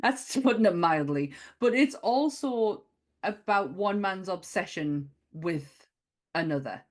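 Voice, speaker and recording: A woman's voice: mid-range voice, animated, takes it slowly. A woman co-hosting a casual film podcast, chatty, laughing often and swearing freely. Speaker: podcast co-host.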